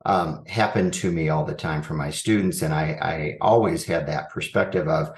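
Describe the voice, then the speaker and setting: Man in an echoey room, low voice, earnest guest who thinks out loud. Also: normal speed. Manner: earnest, thinks aloud with frequent restarts. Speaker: school superintendent guest. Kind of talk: reflective interview answers.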